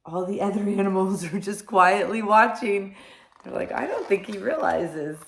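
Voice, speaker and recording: A woman teacher reading picture books aloud to young children, animated and gentle, often asking them questions. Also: mid-range voice, moderate pace. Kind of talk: children's storybook read-aloud. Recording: echoey room.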